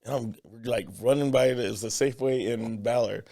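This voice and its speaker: A podcast co-host with a gravelly, mid-range voice tells a story at a brisk clip during a casual chat. He's an animated storyteller who acts out the quotes.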